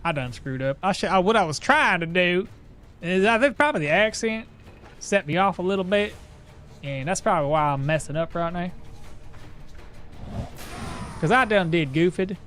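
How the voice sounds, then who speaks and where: A man's voice: high-pitched, animated, moderate pace, pauses often, fairly bright tone, soft background music. A man putting on a goofy, bumbling Southern-drawl persona while playing a game, folksy and grumbling. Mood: sheepish. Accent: put-on American Southern. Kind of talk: playful accent put-on during gameplay.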